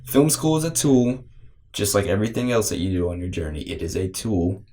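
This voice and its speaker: A young man co-hosting a casual filmmaking podcast, animated and joking as he rambles through analogies. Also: on the low side, fairly quick. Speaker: podcast co-host.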